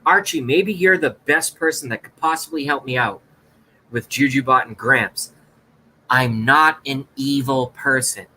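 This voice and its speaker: Man, livestream host, sarcastic rant, mock-dramatic, bright tense voice. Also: medium pitch, measured pace, slight background noise, low-quality recording.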